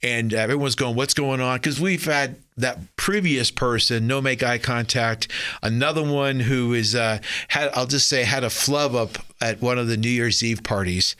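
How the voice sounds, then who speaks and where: A man's voice: medium pitch, normal speed, bright, forceful tone. A man hosting an interview podcast, chatting casually and trading playful anecdotes with his guest. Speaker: podcast host.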